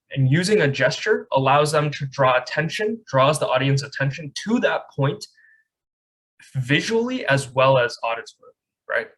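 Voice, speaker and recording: A man's voice: on the high side, fairly bright tone, slightly rough, rough recording. A young man teaching a speech class over a video call, conversational, often checking in with "right?". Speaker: speech camp instructor. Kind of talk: online lecture. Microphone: webcam on a video call.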